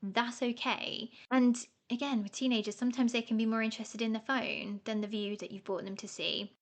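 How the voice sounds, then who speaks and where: A woman's voice: on the high side, steady tone, brisk. A middle-aged woman hosting a podcast, talking casually and self-mockingly, often laughing. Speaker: podcast host. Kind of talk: casual solo podcast talk.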